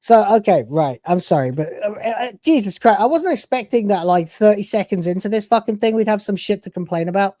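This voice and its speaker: A woman's voice: mid-range voice, animated, a little fast, hardly any pauses, dark tone, no room sound, studio quality. A woman hosting a reaction channel, giving sarcastic, profane, mocking commentary over clips.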